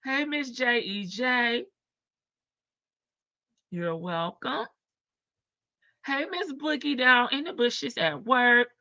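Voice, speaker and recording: A slow-talking woman hosts a casual livestream, chatting in slang, laughing easily and calling out to viewers by name. Her voice sits a little high and sounds bright and sharp. The stream audio is dry and dull, a bit lo-fi. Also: expressive, no room sound. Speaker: livestream host. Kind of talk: casual livestream chat reading viewer comments.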